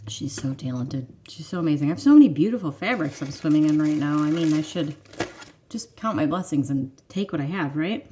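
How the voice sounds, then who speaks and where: A woman's voice: low voice, animated, fairly quick, dark tone, slight background noise. A woman in her thirties from the Detroit suburbs, hosting a cross-stitch vlog in casual, enthusiastic chat that often breaks into laughs. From Detroit suburbs, USA. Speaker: vlogger, cross-stitch channel host.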